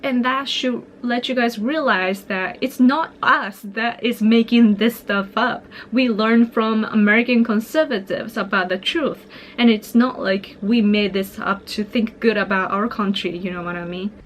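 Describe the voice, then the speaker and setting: A woman from Japan talking casually to her viewers, keeping a quiet monotone voice and filling her talk with "like" and "you know". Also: mid-range voice, measured pace, slight background noise. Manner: monotone and soft-spoken, quiet so as not to disturb family; earnest, frequent fillers and small laughs. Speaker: political vlogger.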